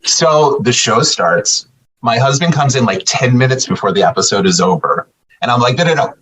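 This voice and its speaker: Man, husky voice, casual podcast guest, animated storyteller, acts out dialogue. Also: mid-range voice, normal speed, distant mic, rough recording. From US Northeast.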